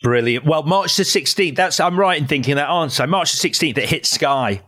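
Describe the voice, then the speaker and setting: A male host whose voice sits a little high for a man. He leads the chat and slips into playful, theatrical narration. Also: expressive, fairly quick, sharp tone. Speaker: podcast host. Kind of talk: interview with a scripted theatrical segment.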